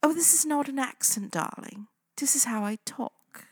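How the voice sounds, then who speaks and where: A woman voicing her deadpan sister who puts on a theatrical fake accent. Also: high-pitched, normal speed, dry recording, clean studio sound, pitched above the performer's own voice, natural voice. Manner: theatrical, deadpan, says darling. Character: deadpan woman faking a posh put-on accent.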